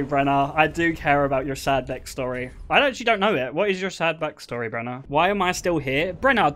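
A man's voice: on the high side, expressive, fairly quick, hardly any pauses, fairly bright tone, slight background noise. A man in his twenties, chatting and joking teasingly with his viewers while streaming a game. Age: 20s. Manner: teasing, joking, often laughing. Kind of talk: casual live-stream chatter.

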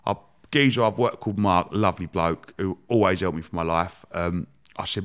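A man's voice: low voice, normal speed. Chatty man telling stories. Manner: lively, chatty, slangy, laughing as he tells it. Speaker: guest, entrepreneur. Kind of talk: casual storytelling.

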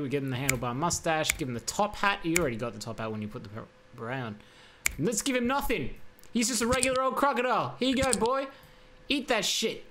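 A man with a high voice gives playful, joking commentary while he plays a game, coaxing the character on screen. Game sounds and mouse clicks come through clearly behind him on a desk microphone. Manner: playful, talks to the crocodile in a coaxing voice. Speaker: gaming YouTuber. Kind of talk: casual gameplay commentary. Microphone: USB desk microphone. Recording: background game noise with clicks.

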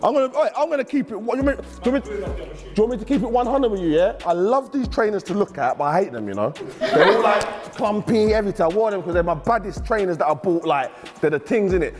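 Frank guy with a high voice, honest about his shoes, soft music behind. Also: lively intonation, quick pace. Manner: frank, laughing, slangy. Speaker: sneaker shopper. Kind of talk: casual chat.

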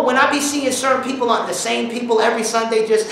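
A man preaching an informal sermon, telling stories in slangy talk, breaking into song and shouts as he retells them. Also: very high-pitched, fast talker, few pauses, heavy background noise. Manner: animated, bursts into song and shouts while retelling. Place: church hall. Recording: very echoey hall, mic at a distance.

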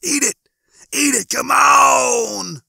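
A man's voice: very high voice, very slow, creaky, pushed and bright, slightly rough, dry recording, clean studio sound, pitched above the performer's own voice, heavily acted. A man voicing a pushy little hunger pang in a comedy audiobook, nagging with wheedling insistence.

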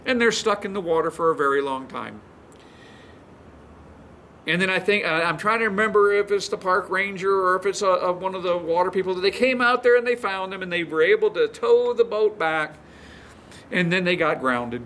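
A man's voice: sits high, normal speed, fairly bright tone, slight background noise. A male pastor teaching a sermon, retelling stories in a folksy, chuckling way.

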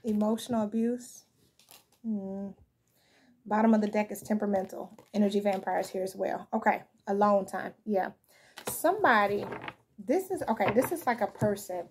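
A woman's voice: mid-range voice, moderate pace, a little hiss or hum. A woman giving a casual spoken tarot reading, talking frankly and conversationally and often asking "you know what I'm saying.". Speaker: tarot reader.

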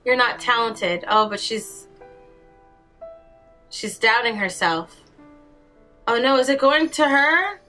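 A woman's voice: a little high, lively intonation, slow pace, long pauses, sharp tone, soft background music. A woman hosting a casual reaction video, reacting aloud with gushing exclamations. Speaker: reaction channel host.

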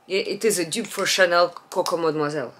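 A woman, chatting casually in a home vlog, rambling with restarts and letting her voice trail off low and quiet. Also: fast, a little hiss or hum. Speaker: beauty vlogger. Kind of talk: casual perfume haul chat. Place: home, natural light.

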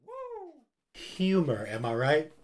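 A man's voice: mid-range voice, lively intonation, unhurried, crowd noise. A man hosting a movie reaction, making playful quips and wordplay between chuckles. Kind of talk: casual movie reaction commentary.

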